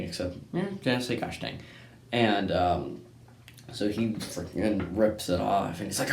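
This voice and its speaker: A man's voice: on the low side, unhurried, gravelly. A young man from Texas, casually telling a hunting story in a rambling way and often tagging on "right?". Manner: rambling, keeps asking "right?" and saying "anyways". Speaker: hunting channel host. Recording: echoey room with faint noise.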